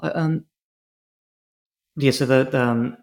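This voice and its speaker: A man's voice: mid-range voice, steady tone, takes it slowly, darkish tone. A man co-hosting a casual chat, rambling and sarcastic as he recaps a TV episode. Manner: rambling, sarcastic, lots of restarts.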